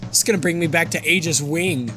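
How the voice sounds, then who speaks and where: A man co-hosting a casual let's-play video, excitable and jokey, sometimes slipping into silly voices. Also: fairly high pitch, brisk. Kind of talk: casual gameplay chat, reading story aloud. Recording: music playing behind.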